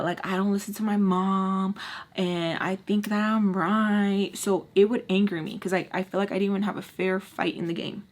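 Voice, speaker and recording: Young woman vlogger spilling a story while doing makeup, cusses a lot, squeals up high sometimes. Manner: animated, swearing, jumps into high exclamations.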